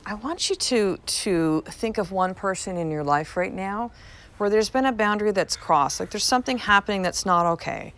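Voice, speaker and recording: Candid podcast host, gravelly edge. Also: female voice, mid-range voice, expressive, normal speed, a bit bright. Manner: candid, swears casually, repeats for emphasis. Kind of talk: casual motivational podcast talk. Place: home. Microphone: podcast mic.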